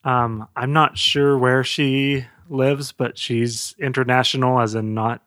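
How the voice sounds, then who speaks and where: Brief: male podcast co-host, easygoing mid-pitched voice, dry close mic. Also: steady tone, slow pace, fairly bright tone, dry recording. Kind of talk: casual chat.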